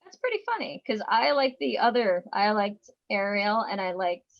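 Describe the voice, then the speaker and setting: A woman who acts, speaking on a video call and acting out quoted lines with lively energy. The sound is dull and dry. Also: mid-range voice, normal speed, gravelly, no room sound. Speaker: actor. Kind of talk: casual video call chat.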